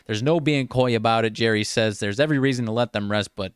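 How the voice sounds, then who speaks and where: A man co-hosting a football podcast, running quickly through injury news with a joking, brisk manner. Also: mid-range voice, clear, resonant tone, dry recording, clean studio sound. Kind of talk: casual sports podcast chat.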